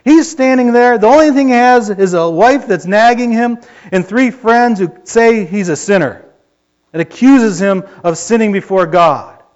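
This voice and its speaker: High-voiced fervent preacher. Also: male voice, unhurried, highs cut off. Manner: fervent, rising to yelling when excited. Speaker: pastor. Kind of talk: sermon.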